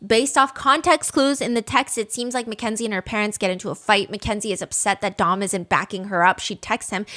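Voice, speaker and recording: A woman's voice: mid-range voice, steady tone, brisk, few pauses, sharp tone. A young woman hosting a true crime channel, telling a story in a chatty, opinionated way, swearing and saying "like" a lot. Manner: chatty, profane, opinionated, many "like"s. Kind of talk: casual storytelling.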